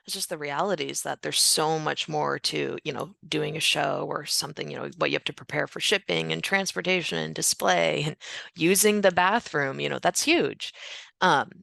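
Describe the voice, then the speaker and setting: Woman host, gravelly edge, bright tone, dry close sound, reading audience comments on a video call. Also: low-pitched, animated, moderate pace, no echo. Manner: reads out audience comments and affirms the guest. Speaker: webinar host. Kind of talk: casual panel discussion.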